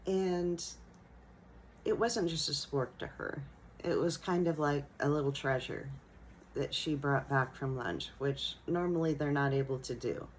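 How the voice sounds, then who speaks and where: A woman who teaches young children, telling a personal classroom story in a gentle, reflective way. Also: deep voice, measured pace, a little hiss or hum, poor audio. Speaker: elementary school teacher.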